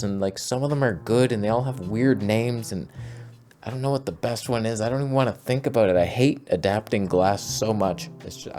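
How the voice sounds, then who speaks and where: A man's voice: low-pitched, a little mellow. A man hosting a comedic photo critique, ranting sarcastically and hurling insults with exasperation. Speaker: photography video host.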